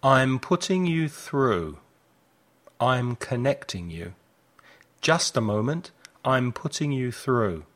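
Slow, careful and clear, a male English teacher sounds out phrase after phrase for the class to echo back. He shows how each line should sound by swinging his pitch widely, giving his deliberate modelling a lively, animated intonation.

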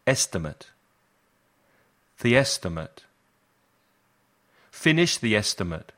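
A man leads a lesson. His voice sits a little low, and he speaks very slowly and deliberately. He repeats short phrases so learners can copy them. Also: very animated, a bit bright. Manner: slow, deliberate repetition for learners. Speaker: English teacher. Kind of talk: slow language lesson drills.

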